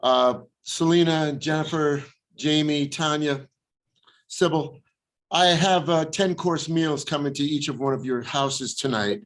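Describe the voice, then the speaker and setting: Deadpan joking man on a panel. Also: on the high side, a little slow. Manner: deadpan joking, mock-serious. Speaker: actor on a press panel. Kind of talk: panel Q&A answer.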